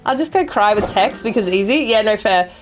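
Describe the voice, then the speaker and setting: A young adult woman streamer chatting casually with her viewers, swearing freely and apologizing quickly. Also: mid-range voice, expressive, soft background music. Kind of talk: casual chat reading viewer messages.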